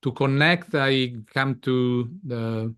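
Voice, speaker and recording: Halting Italian-accented man. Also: mid-range voice, a bit bright, smooth. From Italy. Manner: halting, repeats words often. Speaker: guest. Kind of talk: casual interview talk.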